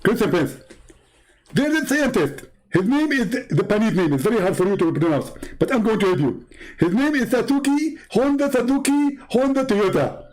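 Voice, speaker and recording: A man's voice: high voice, expressive, moderate pace, darkish tone, pitched above the performer's own voice, rough recording. A man putting on a pompous, condescending voice for a mocking impression of a preacher. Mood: smug. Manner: pompous, condescending, talks in a mock accent. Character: mock impression of a preacher, male, pompous, smug.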